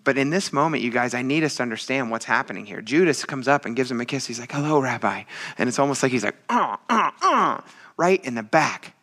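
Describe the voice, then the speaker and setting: Guy preaching a sunday sermon, bright voice, loose and jokey, acts out the quotes. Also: medium pitch, fast talker, few pauses. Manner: casual, joking preaching with acted quotes. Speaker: pastor.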